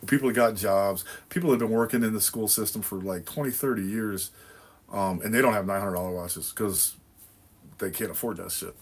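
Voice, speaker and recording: A somewhat low-voiced man from New England hosts a casual livestream and answers viewer comments as they come in. He rambles in a relaxed, easygoing way, swears freely and laughs often between his thoughts. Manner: laid-back, profane, rambling with frequent laughs and fillers. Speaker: livestream host.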